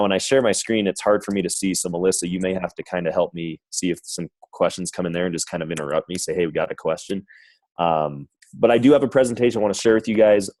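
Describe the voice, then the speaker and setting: A man's voice: sits low, a little mellow, no echo, low-quality recording. A man, a corporate sales manager, giving an upbeat, rambling presentation on a conference call. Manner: upbeat, rambling, says guys and right often. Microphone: phone line.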